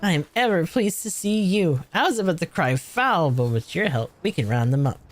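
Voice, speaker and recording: A woman's voice: fairly low pitch, expressive, normal speed, faint music behind, pitched above the performer's own voice. A man voicing a flustered farm woman from a game, reading her lines in a perky, sing-song way. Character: flustered farm woman chasing runaway birds.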